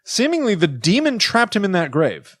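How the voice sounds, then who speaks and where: A man's voice: high voice, huge pitch swings, normal speed, a bit bright, no room sound, clean studio sound. A man co-hosting a podcast, chatting casually and sarcastically about a horror film, with plenty of fillers. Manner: sarcastic, rambling with many fillers. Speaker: podcast co-host. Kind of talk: casual movie review chat.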